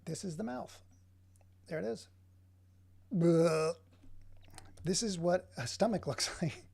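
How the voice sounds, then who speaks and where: Gravelly, husky man ranting while working. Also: high-pitched, expressive, moderate pace. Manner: rambling, sarcastic ranting asides. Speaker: digital artist streaming his work. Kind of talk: casual running commentary while working.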